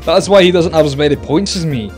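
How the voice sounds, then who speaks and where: A young man doing loud, sweary gameplay commentary as a gaming YouTuber, shouting catchphrases. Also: fairly high pitch, fast, soft background music.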